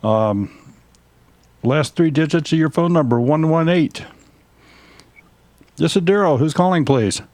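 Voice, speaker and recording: A man's voice: on the high side, measured pace, long pauses, darkish tone, no room sound. Dry-voiced male call-in host. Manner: friendly, repeats words when starting sentences. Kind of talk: casual live call-in chat.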